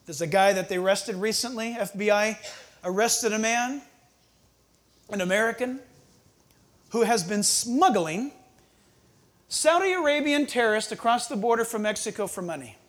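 Preacher with a lively, swooping voice. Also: medium pitch, moderate pace, pauses often. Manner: conversational, asks the audience rhetorical questions; acts out scenes with quoted voices. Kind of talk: sermon.

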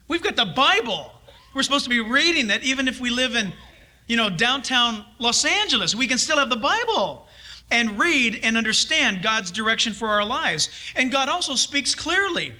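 A man's voice: very high voice, pushed and bright. A man preaching a sermon, emphatic and conversational, with frequent rhetorical questions. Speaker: pastor.

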